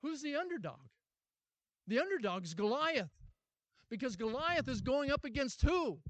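A man preaching a sermon as pastor, asking many rhetorical questions and repeating his words, moving from loud urgent appeals to a quiet closing prayer. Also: very high-pitched, very animated, moderate pace, no room sound.

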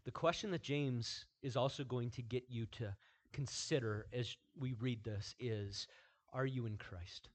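A man preaching a sermon, moving from quiet, measured lines to loud, emphatic repetition. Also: medium pitch. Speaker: pastor.

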